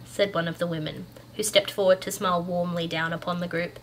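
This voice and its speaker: A woman storyteller reading a bedtime story aloud in a calm, gentle way. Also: fairly low pitch, a little fast, hardly any pauses, a little hiss or hum.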